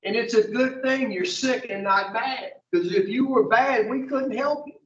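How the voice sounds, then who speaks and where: A very high-pitched man speaks at a measured pace while running an addiction recovery group, bluntly and profanely throwing questions at his audience. Captured from far off in a dull, echoey room, the recording has a little hiss or hum.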